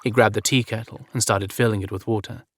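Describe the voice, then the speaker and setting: A man reading a romance story aloud as narrator in an even, measured way. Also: on the low side, dry recording, clean studio sound.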